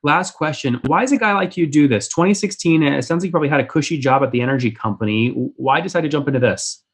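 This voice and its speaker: In his thirties, this interview host fires off blunt, direct questions in a rapid-fire business interview. His voice is fairly high and fast, with a breathy edge.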